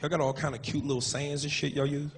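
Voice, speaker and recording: A man's voice: on the high side, flat delivery, quick pace. A man performing a stand-up comedy set in a club, with a profane, punchy, swaggering delivery. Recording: noisy live club recording.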